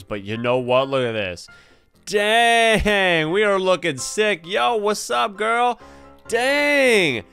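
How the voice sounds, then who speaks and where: Hyped young man, smooth voice. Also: mid-range voice. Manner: excitable, hype slang, frequent laughter. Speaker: gaming video host. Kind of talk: casual gameplay commentary. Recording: faint background game music.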